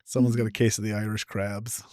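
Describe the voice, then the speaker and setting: A man's voice: lowish voice, flat delivery, a little fast, a little mellow, dry recording, clean studio sound. A man co-hosting a podcast in casual chat, joking and laughing at his own jokes. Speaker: podcast co-host.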